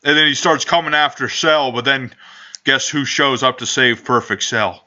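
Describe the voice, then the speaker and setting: A man's voice: medium pitch, moderate pace, bright, forceful tone. A man hosting a casual podcast, rambling and joking with frequent swearing. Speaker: podcast host. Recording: dull lo-fi home recording.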